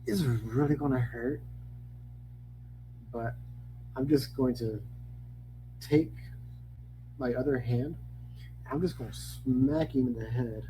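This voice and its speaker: A man's voice: medium pitch, slow, long pauses, background noise. A man playing in a tabletop game, blunt and assertive as he declares his character's actions. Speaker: player. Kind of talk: casual tabletop play.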